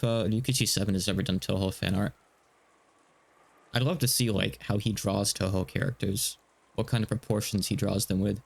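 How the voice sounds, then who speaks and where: A man's voice: lowish voice, fairly even intonation, normal speed, creaky. A man streaming a game, chatting in a casual, rambling way that slightly stutters. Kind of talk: casual let's-play commentary.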